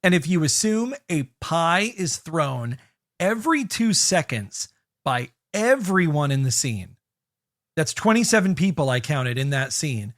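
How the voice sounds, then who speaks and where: Casual podcast co-host, male, a bit high, dry close mic, does quick silly impressions. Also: sing-song, a bit bright, dry recording. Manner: chatty, breaks into quick goofy impressions. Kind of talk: casual movie-review chat.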